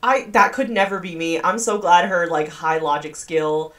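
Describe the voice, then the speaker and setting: A woman's voice: fairly low pitch, moderate pace. A young woman giving casual gameplay commentary, chatty, gasping and squealing in disgust. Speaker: gaming video creator.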